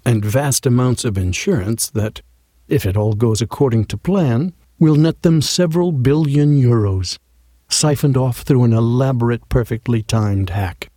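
A man narrating an audiobook in a wry, measured way, close to a studio mic. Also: mid-range voice, dark tone, dry recording.

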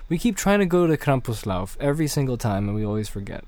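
A man co-hosting a podcast in casual chat, playful and slipping into halting German. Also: medium pitch, sing-song, a little mellow, dry recording. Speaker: podcast co-host. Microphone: studio mic.

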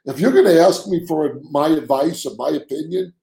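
A man with a rather high voice and a gravelly, creaky edge chats earnestly on a podcast. He often repeats his first words before getting a thought out. The sound is roomy and echoey. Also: normal speed, mellow. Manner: earnest, repeats words when starting sentences. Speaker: co-host. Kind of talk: casual podcast chat.

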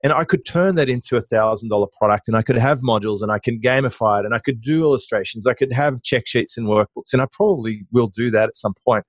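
A middle-aged man being interviewed as a guest, telling business anecdotes in a lively conversational way with frequent restarts. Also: medium pitch, fast, few pauses, dry recording. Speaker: guest, online marketing business owner.

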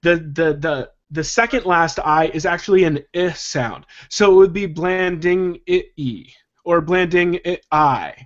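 A man's voice: a little high, a little slow. A man on a podcast, explaining things in a precise, lecturing way, in a dull, muffled recording. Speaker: podcast guest.

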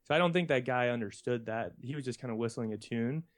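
A man's voice: mid-range voice, fast talker. A young man casually telling a rambling childhood anecdote on a podcast, often laughing as he talks. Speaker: podcast co-host.

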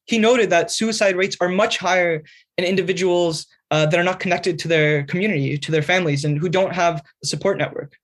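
A high-voiced magazine writer, speaking fairly quickly, answers interview questions as a guest. He's earnest and a bit lecturing, explaining ideas at length and repeatedly checking in with "right?".

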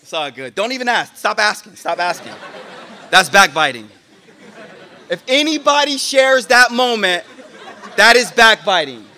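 A man giving a lively, joking sermon to a class, speaking in casual slang. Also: sits high, a little slow, long pauses, a faint crowd. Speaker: sheikh giving a talk. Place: room with a listening audience.

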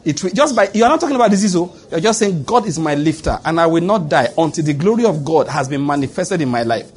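A man's voice: a little high, animated, quick pace, breathy edge. A man preaching a sermon in emphatic, repeated declarations to a congregation. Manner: emphatic, repetitive declarations with bursts of laughter. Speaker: pastor. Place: church with a congregation answering.

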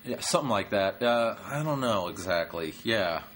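A man's voice: fairly low pitch, expressive, moderate pace, a bit bright, a little hiss or hum. A man, a stand-up comedian hosting a podcast, chatting in a blunt, profane way with dismissive asides. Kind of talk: casual chat.

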